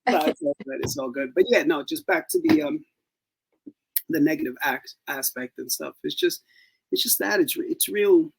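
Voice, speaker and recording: A man co-hosting a podcast, his gravelly, husky voice sitting a little high and bouncing widely in pitch. He chats casually and tells stories in an animated way, often dropping into quick put-on voices. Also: low-quality recording. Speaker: podcast co-host. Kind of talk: casual chat.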